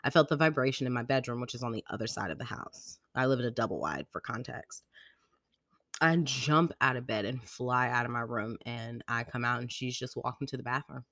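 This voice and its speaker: A woman's voice: extremely low pitch, a little fast, a bit bright, no room sound, studio quality. A young woman hosting a podcast, telling stories about her daughter in a slangy, rambling way with lots of "like". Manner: chatty storytelling, slangy, lots of "like". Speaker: podcast host. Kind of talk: casual chat.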